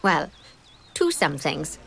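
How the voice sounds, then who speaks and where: A woman's voice: deep voice, very animated, slow, vocal fry, a bit bright, slight background noise, exaggerated voice. An actress voicing a cheerful, witty female zookeeper mentor who gives upbeat game tutorial instructions with dry jokes. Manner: upbeat, dryly joking instructions. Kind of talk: scripted game dialogue.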